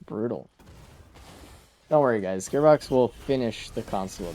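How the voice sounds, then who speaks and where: A man's voice: mid-range voice, animated, slow pace, pauses often, mellow, a little hiss or hum. A man streaming a game live, chatting casually with viewers in a laid-back, rambling way, trailing off with fillers. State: sleepy, yawning. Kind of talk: casual live-stream commentary while playing.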